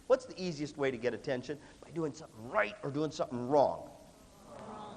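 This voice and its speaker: Animated man lecturing in a reverberant hall. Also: on the high side, a little fast, long pauses. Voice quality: lively, emphatic delivery with repeated punchy phrases. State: coughing now and then. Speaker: music educator giving a leadership talk. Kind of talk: animated motivational lecture to students. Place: large hall with an audience. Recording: long reverb of a large hall.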